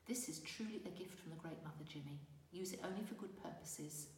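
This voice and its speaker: A woman voicing a gentle, patient female fairy teacher with a warm, honeyed, reassuring manner, recorded from a distance in a reverberant room. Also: fairly low pitch, a little fast, a little hiss or hum, close to an everyday voice. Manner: reassuring, encouraging.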